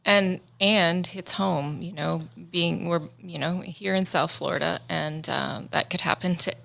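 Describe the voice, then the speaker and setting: A woman hosting an interview show, chatty and quick to laugh, asking questions in loose phrasing. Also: lowish voice, vocal fry, fairly bright tone. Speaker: podcast host. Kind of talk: casual interview.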